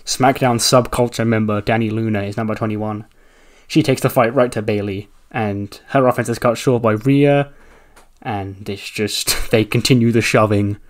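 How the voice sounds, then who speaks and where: A man's voice: lowish voice, steady tone, normal speed. A man casually narrating a wrestling simulation playthrough, chatty and loose, laughing and swearing as he goes.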